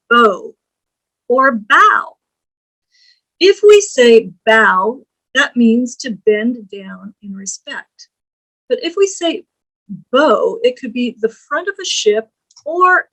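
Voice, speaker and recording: A woman giving a recorded English grammar lecture, spelling out words letter by letter and explaining them deliberately. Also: on the high side, a bit bright, rough recording.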